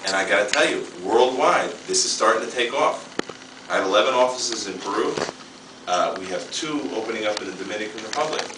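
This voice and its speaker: This seminar speaker, a man in his thirties, has a low voice and gives an emphatic, energized motivational speech. It was captured in an echoey seminar room with a distant mic and a noisy background.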